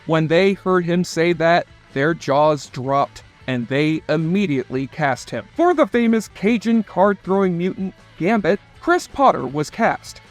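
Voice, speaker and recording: Guy doing a chatty nostalgia voiceover, highish voice, soft music bed. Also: lively intonation, a little slow, hardly any pauses. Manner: chatty, enthusiastic fan commentary. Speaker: narrator. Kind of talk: scripted nostalgic narration.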